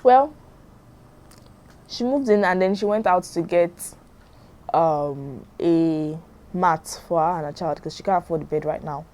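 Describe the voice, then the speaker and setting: A woman's voice: lowish voice, unhurried, pauses often, dark tone. A young woman, narrating a drama story in a chatty way and commenting on it as she goes.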